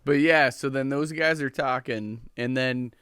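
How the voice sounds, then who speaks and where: Midwestern guy podcast co-host, lively storyteller, dry close mic. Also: medium pitch, measured pace, clear, resonant tone, no echo. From Minnesota. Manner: animated storyteller, acts out voices of others. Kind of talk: casual chat.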